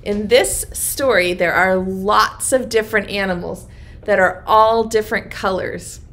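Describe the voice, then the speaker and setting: A woman's voice: medium pitch, measured pace, a bit bright. A woman, a preschool teacher, leading an online circle time and reading a rhyming picture book to small children in a sing-song voice.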